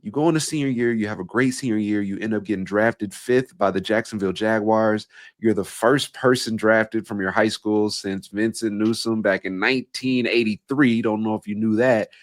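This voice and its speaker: A man's voice: on the low side, steady tone, moderate pace, no echo, studio quality. A man hosting an interview who recaps his guest's story before asking a question. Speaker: podcast host and coach.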